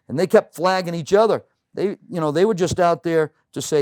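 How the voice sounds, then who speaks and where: A man's voice: fairly high pitch, brisk, few pauses, darkish tone, dry recording. A middle-aged man from the United States, a political candidate, speaking earnestly and emphatically as a guest in a studio interview, with many "you know" fillers. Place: local TV studio.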